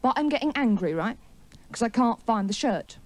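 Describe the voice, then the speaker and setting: A woman's voice: on the high side, expressive, moderate pace. A woman doing a stand-up routine in a TV studio before a live audience, telling a story with chatty, wry self-mockery and teasing the crowd. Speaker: stand-up comedian.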